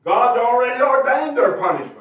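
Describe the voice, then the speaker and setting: A male preacher with a high, animated voice delivers a sermon, tossing rhetorical questions to his listeners and hammering home his points. He sounds set back from the mic, and the church room echoes heavily around him. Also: a little fast, distant mic. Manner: rhetorical tag questions, emphatic bursts.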